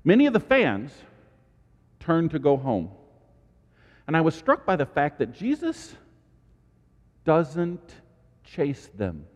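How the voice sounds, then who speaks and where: A man preaching a sermon as pastor, animated, with dramatic asides and sudden high exclamations. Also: takes it slowly, long pauses, in a large hall.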